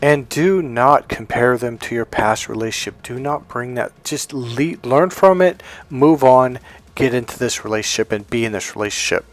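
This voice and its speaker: A man's voice: medium pitch, normal speed. A blunt, emphatic man coaching on relationships, speaking in a mid-range voice. He talks straight to the listener and acts out the voices he quotes, over faint background music. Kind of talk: motivational advice monologue.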